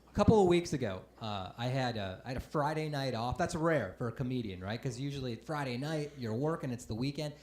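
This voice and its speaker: A stand-up comedian in his forties telling a self-deprecating story on a comedy club stage, breaking into sudden loud outbursts. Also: medium pitch, animated, fairly quick, hardly any pauses. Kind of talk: live stand-up set. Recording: roomy live club sound. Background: audience laughter.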